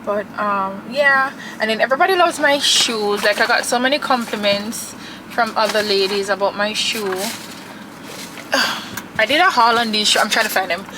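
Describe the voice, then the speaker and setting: A woman's voice: medium pitch, noisy background. A young woman, chatting and gushing to camera as a vlogger from her car. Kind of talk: casual chat to camera.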